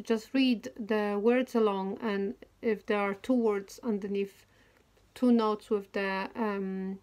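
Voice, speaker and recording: A woman leading a singing lesson. She counts in the beats, sings phrases slowly and explains notes quickly between them. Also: medium pitch. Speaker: singing teacher. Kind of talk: choir rehearsal, counting in and singing. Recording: loud guitar accompaniment.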